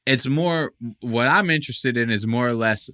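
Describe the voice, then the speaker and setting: A man with a mid-range voice hosts a podcast, reacting casually at a moderate pace in a dry, clean studio recording. He's animated, swears a lot, and acts out quotes with mocking impressions.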